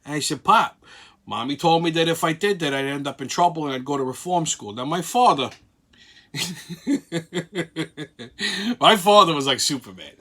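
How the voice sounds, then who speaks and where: A man's voice: fairly high pitch, expressive, normal speed, pauses often, pushed and bright. A middle-aged man from Brooklyn with a New York accent, hosting a show and telling a profane story in a brash, swaggering way. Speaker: host.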